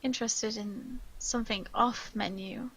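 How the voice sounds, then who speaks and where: Slow, gravelly woman game master. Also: a little high, fairly even intonation, a bit bright, low-quality recording. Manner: slow, hesitant description with searches for words. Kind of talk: narrating a tabletop game.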